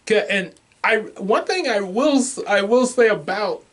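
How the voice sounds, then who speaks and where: A man's voice: sits high, expressive, measured pace, fairly bright tone. A man co-hosting a casual movie review, rambling with many restarts and laughing at his own jokes.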